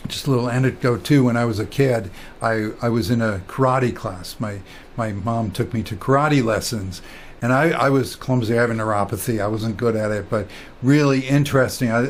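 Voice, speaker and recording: A man giving a loose spiritual talk at a middling pitch. He rambles through stories, full of fillers and restarts, and drops into quiet voices to quote people. A faint noise sits under the recording. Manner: storytelling, quoting others in quiet voices. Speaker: spiritual teacher.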